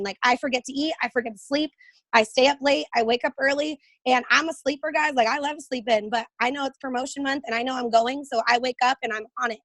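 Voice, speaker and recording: A woman's voice: high voice, fairly bright tone, dry recording. A woman giving an emphatic motivational pep talk, repeating her commands and filling gaps with fillers.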